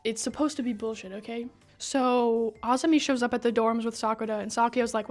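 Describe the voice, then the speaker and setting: Woman, casual story recap, slangy, profane, slightly high voice, broken mic, faint music behind. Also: fairly even intonation, fast. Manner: slangy and profane, says bruh and brother. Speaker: story recap video host. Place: indoor room with a whiteboard. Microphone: broken microphone.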